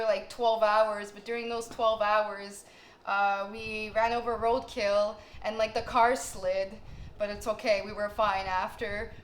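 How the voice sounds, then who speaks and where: A young woman co-hosting a podcast, telling a long story in casual chat, laughing often and saying "like" a lot. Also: on the high side. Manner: animated, laughing storyteller full of "like". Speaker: podcast co-host. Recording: echoey room, faint noise.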